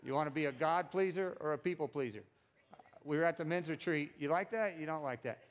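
There's a little hiss or hum behind this pastor, who preaches a little fast in an animated, conversational manner. When making a point he repeats words, and he dramatizes quotes with wide swings in pitch and loudness.

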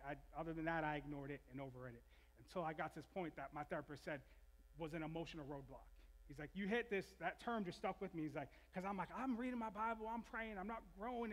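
A man preaches to his church, his voice sitting high for a man. He tells his own story in a candid, confessional way and keeps restarting his sentences. The sound carries a long reverb from the big church hall. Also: fairly bright tone. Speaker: pastor. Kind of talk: sermon.

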